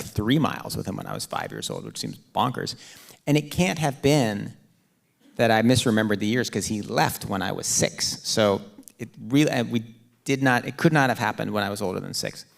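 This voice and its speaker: A middle-aged man, an author and runner, telling animated stories in an onstage conversation, often adding "like" and "right?". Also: fairly low pitch, creaky. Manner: animated storytelling with frequent "like" and "right?". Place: auditorium stage.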